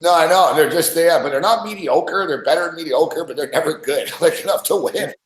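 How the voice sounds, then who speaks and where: Male sports podcast host, animated storyteller, casual swearing, roomy echo. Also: fairly high pitch, brisk. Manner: animated storyteller, acts out quotes with swearing and laughs.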